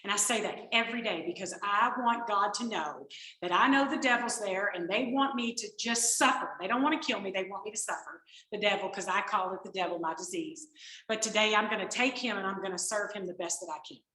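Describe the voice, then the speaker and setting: A woman's voice: mid-range voice, a little fast. A woman gives a personal recovery testimony to a group, telling stories and acting out the conversations she quotes. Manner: animated storytelling, acts out quoted exchanges. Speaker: recovery speaker. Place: meeting room. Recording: echoey room.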